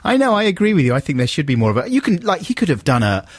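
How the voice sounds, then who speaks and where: Lively radio host man. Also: a little high, racing, breathy edge, no echo, studio quality. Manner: playful, teasing. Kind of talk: casual radio banter. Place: radio studio. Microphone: studio mic.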